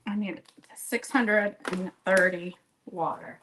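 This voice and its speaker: Speaking slowly in a steady, medium-pitched voice that's a bit bright, a woman bakes on a live stream and chats away, rambling, self-deprecating, laughing often and calling viewers by name. The low-quality recording carries a slight hiss or hum.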